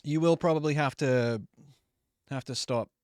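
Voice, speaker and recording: A man's voice: fairly high pitch, moderate pace, darkish tone, clear, resonant tone, no room sound, studio quality. A young man streaming a racing game live, chatting casually, swearing freely and apologizing to viewers for audio trouble. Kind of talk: casual live gameplay commentary.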